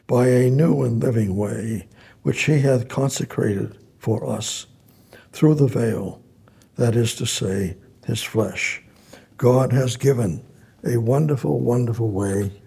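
A male preacher delivers a sermon at an unhurried pace, often repeating words as he reads and explains scripture. His voice is low in tone, gravelly and husky. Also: mellow. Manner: slow, repeating phrases, reading scripture aloud.

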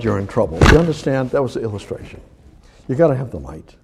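A man preaching a sermon in an animated, rambling way, often restarting his sentences. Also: mid-range voice, fast talker, vocal fry, background noise.

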